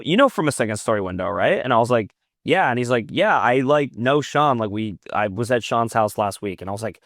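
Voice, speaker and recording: A fast, expressive, mid-range male voice belongs to a podcast guest who sings in a metal band. Over a relaxed video call he tells lengthy stories, voicing both sides of conversations and swearing frequently, all in dry, studio-quality audio.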